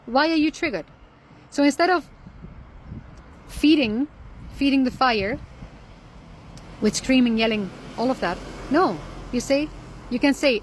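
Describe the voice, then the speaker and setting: Earnest woman giving calm spiritual advice. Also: high-pitched, slight background noise. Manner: calm, earnest, repeats key phrases. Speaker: Islamic lifestyle speaker. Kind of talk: reflective spiritual advice talk.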